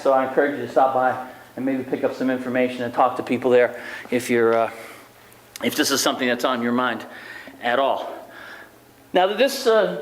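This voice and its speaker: A middle-aged man who is a sports sociologist, giving a joking, rambling public lecture full of asides to the crowd. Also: medium pitch. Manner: wisecracking, chatty, rambling asides. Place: lecture hall. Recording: echoey hall with noise.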